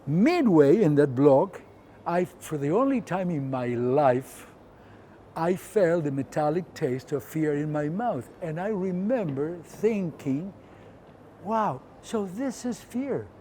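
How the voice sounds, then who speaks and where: A man in his seventies with an Argentine Spanish accent tells a story from his own life. His voice sits a little high but sounds mellow and dark, and he acts out the scenes with sound effects and quoted voices. A faint hiss of noise runs behind him. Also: animated, takes it slowly. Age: 70s. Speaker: photographer telling his story. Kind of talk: personal storytelling.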